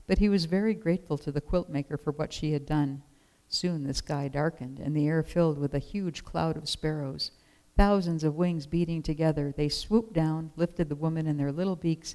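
A storyteller reading a children's picture book aloud in a gentle, expressive way. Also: mid-range voice, low-quality recording.

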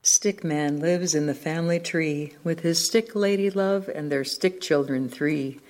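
A woman narrating a children's rhyming picture book with a gentle, rhythmic delivery. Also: sits low, measured pace.

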